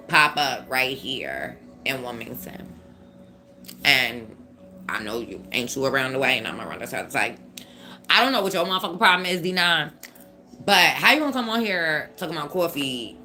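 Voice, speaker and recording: A woman tarot reader hosting a casual live stream, loud, profane and teasing, laughing as she talks to viewers. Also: sits low.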